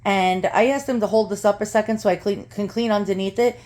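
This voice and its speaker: A woman's voice: mid-range voice, fairly even intonation, a little fast, darkish tone. A woman vlogging in her home kitchen, out of breath and chatty, laughing often as she talks to the camera. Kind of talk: casual chat to camera.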